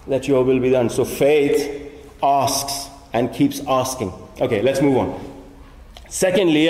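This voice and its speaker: A man preaching a sermon as pastor, animated, often voicing imagined speakers in his asides. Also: medium pitch, measured pace, reverberant, long reverb tail.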